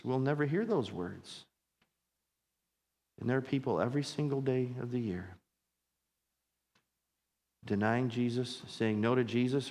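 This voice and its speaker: A man's voice: medium pitch, a little mellow, long reverb tail. A man preaching a sermon as pastor, earnest and repeating phrases for emphasis as his intensity builds.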